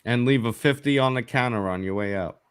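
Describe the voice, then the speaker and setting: A man's voice: medium pitch, a little fast, clear, resonant tone. Blunt, profane man. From New York. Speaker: live stream host. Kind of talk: casual chat.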